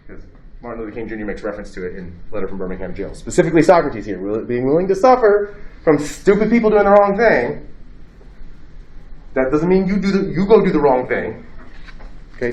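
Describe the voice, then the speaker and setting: Man lecturing in an echoey room. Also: mid-range voice. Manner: animated, conversational, acts out quotes in a raised voice. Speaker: philosophy lecturer. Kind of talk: classroom lecture.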